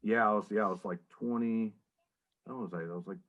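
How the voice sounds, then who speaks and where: A man who is a guest on a podcast, telling lively stories and acting out other people's voices as he quotes them. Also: lowish voice, a little fast, lo-fi sound. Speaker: podcast guest, paintball pro. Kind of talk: animated storytelling.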